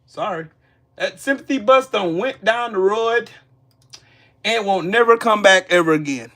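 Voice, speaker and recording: A man's voice: sits high, fairly bright tone. A man hosting a casual livestream commentary, mocking and profane, repeating his jabs. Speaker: channel host.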